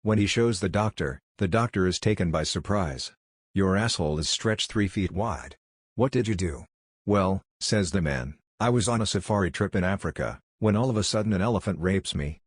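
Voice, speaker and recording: A man reading a string of jokes aloud in a dry, deadpan way. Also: low-pitched, moderate pace, husky, dry recording. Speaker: joke narrator.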